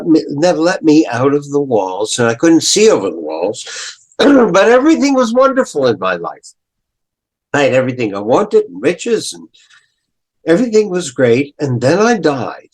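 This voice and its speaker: Older guy doing a sad gentle prince statue, begging slowly, really unhurried. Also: fairly high pitch, voice pushed up. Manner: pleading, repeats his refrain slowly. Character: sorrowful young male prince statue, pleading and gentle. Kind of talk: storytelling within a lecture.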